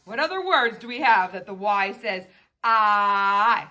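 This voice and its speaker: A woman teaching a children's phonics lesson in a sing-song way, spelling out letters and sounding out words slowly. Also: mid-range voice, animated, background noise.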